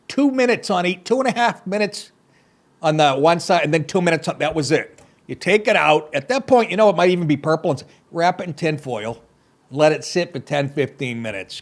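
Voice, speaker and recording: A middle-aged man hosting a comedy podcast, reading news stories aloud and breaking off into profane, sarcastic asides. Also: on the high side.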